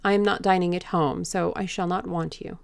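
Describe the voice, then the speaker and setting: A woman voicing a young Victorian gentleman who speaks in a raised, brisk and authoritative way, with a gravelly voice. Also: fairly low pitch, steady tone, no room sound. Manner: soft pleading, then brisk and authoritative. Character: Dorian Gray, young Victorian gentleman, pleading then commanding.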